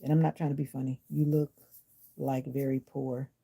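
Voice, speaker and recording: Low, gravelly, husky woman live-streaming. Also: flat delivery, moderate pace, mellow. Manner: chatty, answers comments, sassy and blunt. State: unwell. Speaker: livestream host. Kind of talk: casual livestream chat with viewers. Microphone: phone or device mic.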